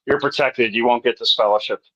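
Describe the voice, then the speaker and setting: A man's voice: mid-range voice, fairly even intonation, fairly quick, fairly bright tone, dull audio. A man hosting a casual group chat on a video call, joking crudely and laughing often. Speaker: livestream host.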